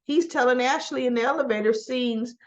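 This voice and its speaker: A woman giving a casual, chatty recap, animated and full of rhetorical asides. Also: high-pitched, brisk, dull audio. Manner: animated, rhetorical asides, talks back to characters. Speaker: soap opera recap vlogger.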